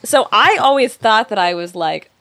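A woman's voice: mid-range voice, lively intonation, normal speed, a bit bright. A young woman from the Pacific Northwest telling stories in casual chat, candid and swearing freely.

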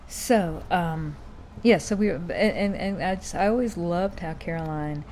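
A woman's voice: on the low side, measured pace, a little mellow, slight background noise. A woman in her fifties hosting a podcast, talking in a casual, meandering way full of fillers and restarts. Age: 50s. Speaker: podcast host. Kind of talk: casual rambling monologue.

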